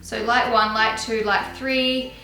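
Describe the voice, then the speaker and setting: A woman's voice: fairly high pitch, steady tone, takes it slowly, bright, forceful tone, roomy sound, rough recording. A young woman chatting casually and giggling as she shows and tries out makeup on her channel. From Australia. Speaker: beauty vlogger. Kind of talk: casual chat.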